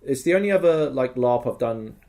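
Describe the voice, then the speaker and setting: A man's voice: medium pitch, lively intonation, fairly quick, creaky, warm tone. A young man talking as a podcast guest in casual chat, rambling and enthusiastic, swearing freely.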